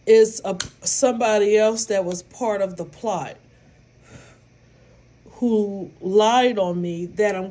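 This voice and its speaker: A woman's voice: mid-range voice, a little mellow. A woman vlogger talking to her followers in a casual monologue, rambling and repeating herself with emphasis. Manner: rambling, repetitive and emphatic, with bursts of laughter.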